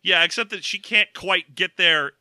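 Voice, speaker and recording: A man's voice: high voice, moderate pace, sharp tone, dry recording. A man co-hosting a podcast, recapping a story in a casual, jokey way. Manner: jokey, playful asides. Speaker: podcast co-host. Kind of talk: casual comedic book recap.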